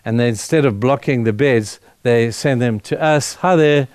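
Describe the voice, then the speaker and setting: A middle-aged male pastor preaches a heartfelt testimony in a voice of ordinary pitch for a man. He speaks earnestly and with feeling, stumbling and restarting as he goes. The sound is dry and close, with little room echo. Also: darkish tone, smooth. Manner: earnest, emotional storytelling with halting restarts. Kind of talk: sermon told as a personal testimony.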